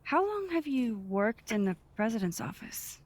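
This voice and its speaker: A woman's voice: a little high, sing-song, moderate pace, darkish tone, no echo. An actress playing a dry, direct young woman investigating in a video game. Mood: wry. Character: wry young adult woman photographer investigating.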